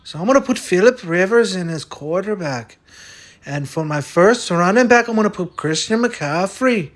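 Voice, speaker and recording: A man plays a stubborn, boastful fellow who insists he is Irish. He talks bluntly and swears freely. His voice sits high and swings in lively leaps, with a loud, keyed-up delivery. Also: normal speed. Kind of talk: comic sketch over a fantasy lineup.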